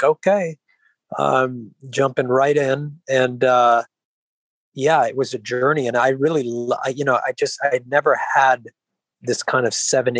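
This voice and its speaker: Mellow, rambling man in a dry, close recording. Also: medium pitch, no room sound, rough recording. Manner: even-keeled, mellow; rambling with frequent restarts and "you know". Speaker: actor, interview guest. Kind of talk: relaxed interview conversation.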